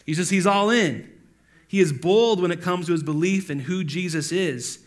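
A man preaching a casual sermon in a conversational way, full of asides, who acts out quoted voices with sudden loud outbursts. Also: sits high, normal speed. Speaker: pastor.

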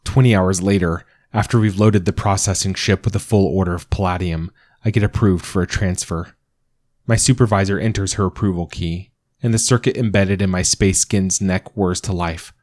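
A man narrating a first-person story in a calm, measured reading voice. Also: low voice, no room sound, studio quality.

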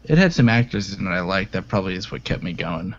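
A man's voice: low-pitched, expressive, fast talker. A man co-hosting a casual podcast, tossing in short, dry replies. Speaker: podcast co-host. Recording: dull lo-fi sound with faint noise.

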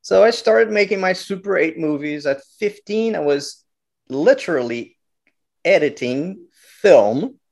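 A middle-aged man tells his story as a guest, animated and lively in pitch. He stumbles and restarts often as he goes. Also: unhurried, creaky. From Brazil. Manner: animated, acts out quotes, many restarts. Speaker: guest filmmaker. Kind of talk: storytelling interview talk.

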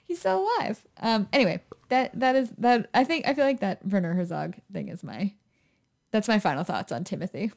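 A woman's voice: medium pitch, a little fast, vocal fry. A young woman co-hosting a podcast in casual chat, laughing often as she talks. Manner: giggly, animated, laughs often. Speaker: podcast co-host.

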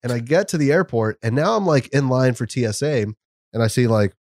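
A man's voice: medium pitch, expressive, a little fast, a little mellow, no room sound, clean studio sound. A man hosting a casual podcast chat, rambling through stories and laughing often.

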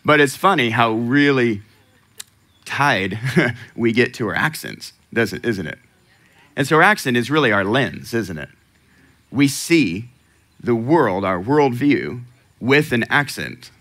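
A man's voice: medium pitch, sharp tone. A man preaching a sermon in a conversational way, asking the congregation questions and laughing often. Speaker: pastor.

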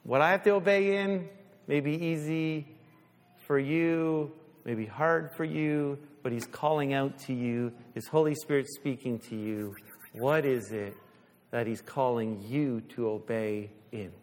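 A man preaching a sermon as pastor, animated, slipping into little voices, then easing into a quiet prayer. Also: mid-range voice, measured pace. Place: church sanctuary. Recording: long church reverb.

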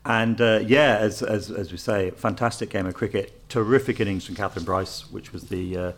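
A man co-hosting a cricket podcast in a relaxed chat, hesitant, with many fillers and restarts. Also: lowish voice, normal speed. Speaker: podcast co-host. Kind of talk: casual sports chat.

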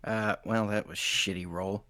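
A man playing a tabletop game in casual chat, playful, breaking into high laughing yelps. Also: fairly even intonation, unhurried, bright, forceful tone, dry recording, clean studio sound. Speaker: player.

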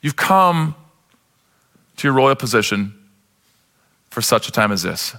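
Bright-voiced man preaching a sermon. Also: medium pitch, big pitch swings, a little slow. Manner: impassioned preaching, voicing biblical characters. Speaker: pastor.

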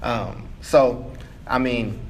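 A man speaking casually to a live audience about schools, lively and conversational, full of quick asides and fillers. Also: mid-range voice. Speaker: education speaker taking audience questions. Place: meeting room with a live audience.

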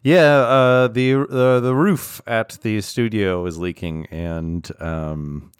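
A man hosting a casual podcast from his home office, talking in a halting way with many fillers and restarts. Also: fairly low pitch, clear, resonant tone, no room sound, clean studio sound. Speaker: podcast host.

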